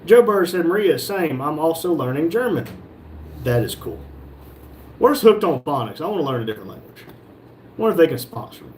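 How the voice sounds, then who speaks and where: A man's voice: a little high, very animated, a little fast, darkish tone, slight background noise. A man hosting a live stream from a shop, reading viewers' comments aloud and joking back at them. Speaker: livestream host reading chat. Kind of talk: casual live chat.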